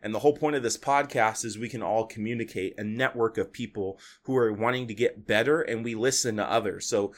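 A man's voice: lowish voice, brisk, few pauses. Casual rambling male podcast host. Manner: casual, rambling, motivational, with fillers and restarts. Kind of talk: solo podcast monologue.

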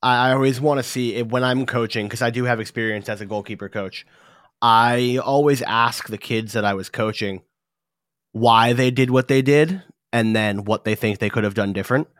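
A man's voice: mid-range voice, normal speed, no echo. Guy hosting a soccer chat, gets fired up telling stories, swears a bit, dry sound. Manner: animated storytelling, swears casually. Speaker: podcast host. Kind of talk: casual sports chat.

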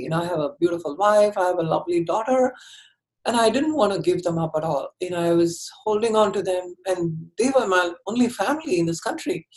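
A woman telling her personal story in an interview, candid and earnest, often halting and restarting her sentences. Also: mid-range voice, darkish tone, rough recording.

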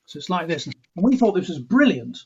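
A man's voice: high-pitched, very animated, brisk, husky. A middle-aged English composer answering interview questions in a reflective way, often restarting his sentences. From England. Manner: reflective, restarts sentences, mimics accents playfully. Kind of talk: thoughtful interview talk. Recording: dull lo-fi audio.

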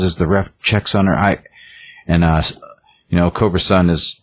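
A man's voice: low voice, fairly even intonation, moderate pace. A man casually retelling a film's plot, rambling, with many fillers and restarts. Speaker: storyteller retelling a film. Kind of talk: casual chat.

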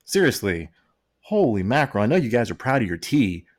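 A man's voice: mid-range voice, very animated, fairly quick. A man co-hosting a podcast in casual chat, joking and rambling, laughing often and reading labels aloud in mock seriousness. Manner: reads can labels aloud mockingly. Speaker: podcast co-host.

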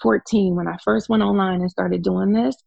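Raspy gravelly woman coach chatting, laughs a lot, dry close sound. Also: mid-range voice, fairly even intonation, normal speed, mellow, no echo, muffled recording. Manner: frank, laughs often. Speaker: guest, life coach. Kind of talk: casual interview conversation.

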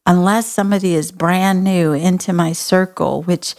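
A woman's voice: on the low side, steady tone, moderate pace, a little mellow. A woman from Texas with a Texan accent, hosting an advice conversation in a frank, folksy, compassionate way. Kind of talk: advice talk show conversation.

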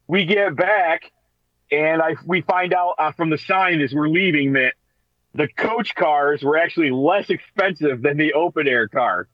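A man with a somewhat high voice, co-hosting a radio show and telling a casual story with lively, laughing energy. His voice sounds dry and a little dull, as if it came off a radio broadcast. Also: unhurried, no echo. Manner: animated, laughs through his stories.

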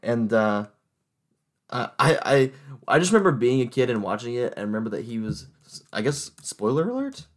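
A young man co-hosts a relaxed chat about favorite movies. His voice sits in the middle range. He jokes about himself and laughs easily. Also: mid-range voice, moderate pace. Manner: laughing, self-conscious joking. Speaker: podcast co-host.

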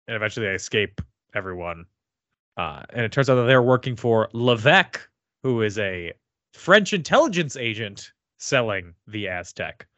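A man co-hosting a podcast sums up a film's plot with casual, deadpan sarcasm, talking into a remote podcast mic without a camera. His voice is medium-pitched with a fairly bright tone, and the lo-fi audio has no echo.

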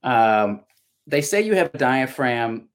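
A man's voice: medium pitch, very animated, slow. A middle-aged man and voice actor talking casually as a podcast guest, reflective and storytelling, often restarting his sentences. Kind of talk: casual conversation.

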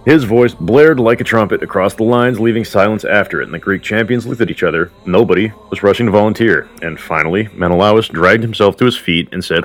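Deep-voiced man retelling a myth. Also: a little fast, few pauses, soft background music. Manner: conversational with offhand asides. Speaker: storyteller.

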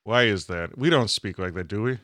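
A man's voice: on the low side, brisk, fairly bright tone, dry recording, studio quality. A man co-hosting a podcast in casual comedic chat, joking and slipping into silly voices now and then. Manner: jokey, drops into silly put-on voices. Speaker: podcast co-host.

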